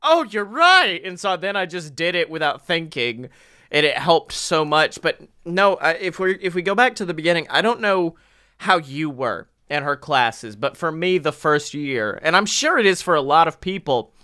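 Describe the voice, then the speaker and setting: A man in his twenties co-hosting a casual podcast chat, telling stories animatedly and jumping into loud, high acted quotes. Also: animated, normal speed, smooth, no echo, studio quality. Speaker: podcast co-host.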